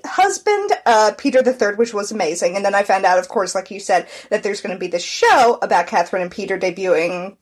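A woman's voice: medium pitch, quick pace, hardly any pauses, husky. A woman co-hosting a podcast, chatting casually and telling a history story with frequent laughs. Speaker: podcast co-host. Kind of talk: casual chat.

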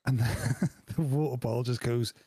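Forty-something guy chatting on a podcast, laughs a lot, warm-ish voice, dry sound. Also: mid-range voice, fairly even intonation, normal speed, husky, no echo. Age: 40s. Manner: laughing, storytelling. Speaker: podcast co-host. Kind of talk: casual chat.

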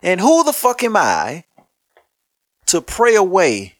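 A man's voice: high-pitched, slow, a little hiss or hum. A man hosting a commentary show, ranting bluntly in profane street talk and telling stories with a lot of energy. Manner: blunt, heavy cursing, animated storytelling.

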